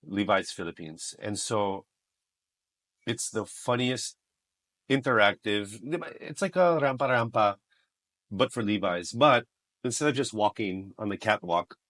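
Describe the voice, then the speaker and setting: A man raised in the United States, telling stories as a guest on a podcast, joking and animated. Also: fairly low pitch. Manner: animated, joking, mixes in Filipino phrases. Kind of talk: casual interview storytelling.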